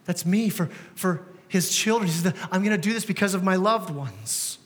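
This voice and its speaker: Pastor, male, 30s, chatty sermon style that keeps asking the room questions, high-pitched voice, church hall echo. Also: normal speed. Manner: conversational, asks the congregation rhetorical questions. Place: church sanctuary. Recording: long church hall reverb.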